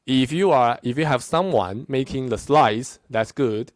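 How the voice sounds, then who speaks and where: A man's voice: mid-range voice, unhurried, dry recording. A middle-aged man lecturing a university class, stressing his points and checking in with frequent "okay?".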